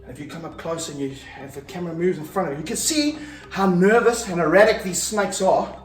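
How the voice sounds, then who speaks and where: A middle-aged man talking to camera as he handles a snake, energetic and out of breath, stopping to coax it. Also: high-pitched, a little fast. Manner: energetic, breathless, coaxing the snake between explanations. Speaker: snake handler and vlog host. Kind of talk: casual talk to camera while handling a snake. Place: echoey room with slippery floors, indoors. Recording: roomy echo, voice a bit far from the mic, faint music.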